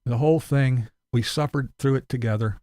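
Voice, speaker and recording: A man's voice: mid-range voice, moderate pace, warm tone, no echo. A man hosting a casual commentary vlog, blunt and mocking, cursing freely. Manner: mocking, blunt, swears a lot. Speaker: commentary channel host.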